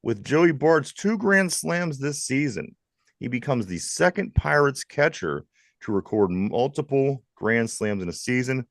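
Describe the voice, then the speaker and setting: A man with a Pittsburgh accent hosting a live sports talk show, lively and jokey, reading trivia questions to his co-hosts. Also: medium pitch, unhurried, dry recording. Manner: lively, jokey, laughs often. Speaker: host.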